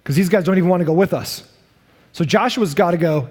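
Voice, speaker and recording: A man preaching a sermon as pastor, animated and acting out the voices of the people he quotes. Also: sits high, normal speed. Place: church sanctuary. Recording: long hall reverb.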